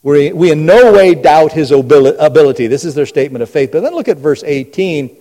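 A pastor preaching a sermon, firing rhetorical questions and swinging between booming emphasis and hushed, low asides. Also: male voice, expressive, a little fast. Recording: long hall reverb.

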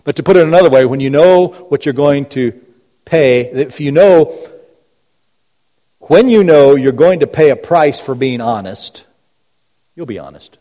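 A pastor preaching a sermon, firing rhetorical questions and swinging between booming emphasis and hushed, low asides. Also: male voice, expressive, measured pace, long pauses. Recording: long hall reverb.

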